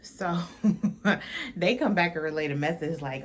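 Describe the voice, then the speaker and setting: A woman's voice: deep voice, normal speed, slight background noise. A young woman hosting a casual reality TV recap, blunt and slangy, swearing freely and mimicking the cast.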